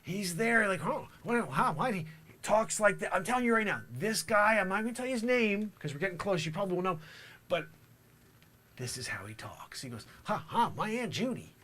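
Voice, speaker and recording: A man's voice: high-pitched, animated, brisk, bright, forceful tone. A man improvising a comedic monologue as a self-styled time traveler, rambling with conspiratorial asides. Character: self-proclaimed man from the future, boastful.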